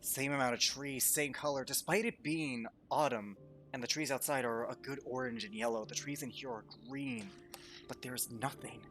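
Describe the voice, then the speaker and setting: A man narrating a tabletop game as game master, low and hushed at times. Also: fairly even intonation, normal speed, faint music behind.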